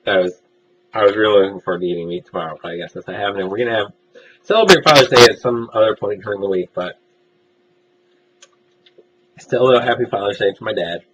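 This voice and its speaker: A young man vlogger tells personal stories in a casual monologue, his somewhat low voice fast but broken by long pauses. He rambles and runs himself down, with plenty of filler "uhs." The recording sounds muffled.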